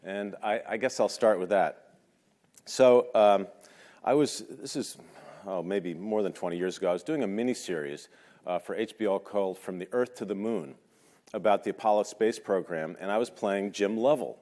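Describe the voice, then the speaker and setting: A man's voice: fairly low pitch, moderate pace, dark tone. A man in his fifties telling personal stories at a talk, conversational and hesitant, with self-deprecating humor. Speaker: speaker at a talk. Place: large lecture hall. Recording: long hall reverb.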